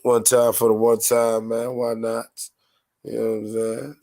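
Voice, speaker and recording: A man from North Carolina with a raspy, nasal voice, chatting casually as a podcast host in a laid-back, rambling, slangy way. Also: mid-range voice, completely flat delivery, measured pace, mellow. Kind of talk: casual chat.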